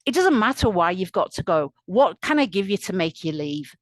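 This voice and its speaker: A woman voicing a tiny, bossy fairy man who snaps out orders in a shrill, commanding voice. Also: quick pace, darkish tone, dry recording, natural voice. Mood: impatient.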